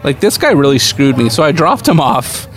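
A man's voice: on the high side, very animated, moderate pace, fairly bright tone, a little hiss or hum. A middle-aged man, co-hosting a podcast in casual chat, telling a rambling story and laughing often. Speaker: podcast co-host.

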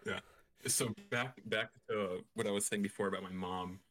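A young man with a low voice chats casually as a podcast co-host. He rambles and restarts often, stacking up fillers as he tells his stories. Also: fairly even intonation, normal speed, a bit bright.

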